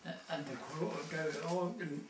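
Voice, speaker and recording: An older man with a Donegal Irish accent, being interviewed, who talks haltingly and searches for words. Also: fairly high pitch, fairly even intonation. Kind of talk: casual chat. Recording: roomy, from a distance, faint hiss.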